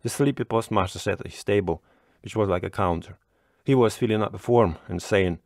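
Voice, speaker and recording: A man with a lowish voice reads a classic short story aloud at a slow, measured pace. The recording is dry and close, with no room sound. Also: a little mellow, no echo. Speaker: narrator. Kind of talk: scripted story narration.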